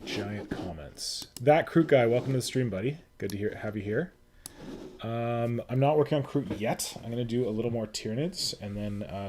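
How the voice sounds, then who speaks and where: Low-voiced man chatting on a noisy stream. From Canada. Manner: chatty, muttering to himself while fiddling with settings. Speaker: livestream host. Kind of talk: casual livestream chat. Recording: noisy home livestream recording.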